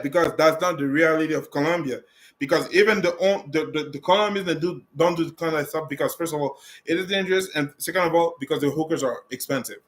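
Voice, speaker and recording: Rambling man vlogger, higher voice. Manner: rambling, with many restarts and fillers; blunt and direct. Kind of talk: casual talk answering viewer questions.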